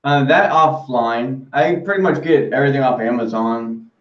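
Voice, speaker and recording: A man's voice: medium pitch, normal speed. Giggly kinda shy guy on a video call, far from the mic, echoey and muffled. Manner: upbeat, giggly, a little shy. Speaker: interview guest. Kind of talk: casual interview. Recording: distant, dull, echoey call audio.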